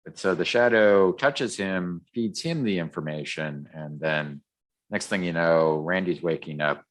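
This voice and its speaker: Deep-voiced podcast guy rambling thru a comic recap, lots of ums. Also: a little slow. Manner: rambling, many ums and restarts. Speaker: podcast co-host. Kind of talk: casual chat recapping a comic. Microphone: podcast microphone.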